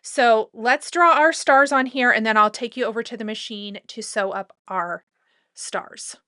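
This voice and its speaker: A woman hosting a casual sewing tutorial, talking through each step in a chatty, relaxed way with loose asides. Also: on the high side, a little slow, no room sound, studio quality.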